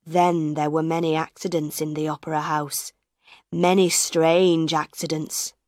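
A woman reading the part of an older woman who warns of a ghost in a hushed, sometimes whispered voice. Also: sits low, level tone, unhurried, no echo, clean studio sound. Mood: ominous.

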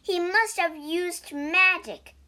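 A woman voicing an excitable male temple priest in a storybook reading. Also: extremely high pitch, takes it slowly, voice pushed up, heavily acted. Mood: alarmed. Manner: alarmed, raised voice.

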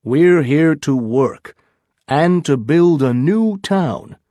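A man's voice: fairly high pitch, animated, takes it slowly, warm tone, no room sound, clean studio sound. A man voicing a careful male expedition leader in a storybook reading, speaking firmly and with command.

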